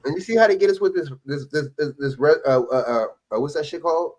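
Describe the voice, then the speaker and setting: A man hosting a live stream, reacting to police videos with loud, profane, sarcastic commentary. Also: a little high, expressive, fast. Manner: loud, sarcastic, laughing, swearing often.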